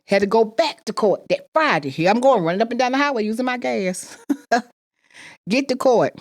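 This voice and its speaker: A woman's voice: on the high side, lively intonation, normal speed. A woman telling a personal story with emphatic repetition, acting out the people she quotes. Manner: emphatic, repeats phrases, acts out quoted voices.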